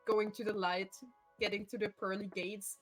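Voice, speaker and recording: A woman's voice: mid-range voice, moderate pace, faint music behind, rough recording. Laughing, swearing woman streamer at home. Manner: laughs often, animated storytelling, swears freely. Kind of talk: casual stream chat.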